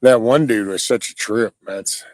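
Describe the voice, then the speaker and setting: A man's voice: on the low side, a little mellow, no echo, poor audio. A man hosting a livestream, rambling in casual chat with his viewers, swearing often and stopping and restarting his sentences. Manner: rambling, profane, halting with restarts. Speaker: livestream host.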